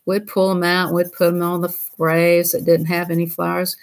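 A woman chats casually with her livestream viewers in a folksy, rambling way. Her voice sits slightly low, and she laughs easily. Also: little pitch movement, moderate pace, hardly any pauses. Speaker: livestream host.

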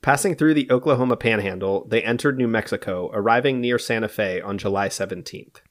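A man's voice: on the low side, a little fast. A male podcast host who tells a history story from a script and banters casually between passages. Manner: reads prepared narration steadily, then banters loosely. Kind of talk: scripted history narration mixed with casual chat.

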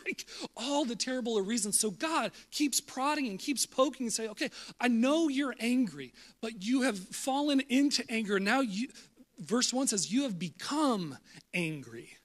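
Animated high-voiced male preacher. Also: unhurried. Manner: animated, jokey, acts out Bible voices with laughs. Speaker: pastor. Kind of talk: sermon. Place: church service.

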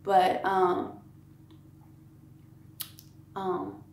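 A woman earnestly telling the story of her son's accident in an interview, her faith showing, her voice trailing off softly at times. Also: medium pitch, monotone, extremely slow, gravelly, reverberant, slight background noise. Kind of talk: emotional casual storytelling.

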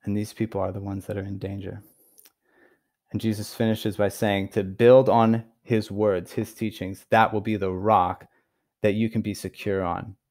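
A man giving an earnest Bible teaching, stressing key words and pausing for emphasis. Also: lowish voice, little pitch movement, darkish tone. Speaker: preacher.

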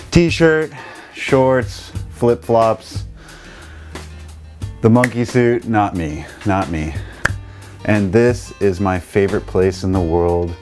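Male vlog host, low voice, candid and earnest, garage setting, clip-on mic. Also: darkish tone. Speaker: channel host. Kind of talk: casual vlog talk. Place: his garage. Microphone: wireless lapel mic.

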